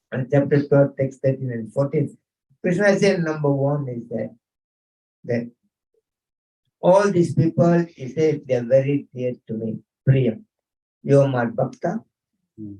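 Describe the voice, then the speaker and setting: At a home gathering, a man teaching scripture informally alternates chanted Sanskrit verses with chatty, chuckling stories. He's a spiritual teacher with a warm, mellow, medium-pitched voice, heard a little distant from the microphone.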